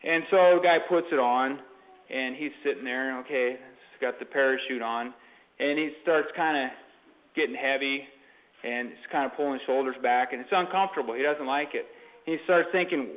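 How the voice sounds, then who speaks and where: A man's voice: mid-range voice, moderate pace. A man telling a parable in a casual sermon, rambling with many fillers and restarts. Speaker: Christian speaker. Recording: tinny phone-like sound.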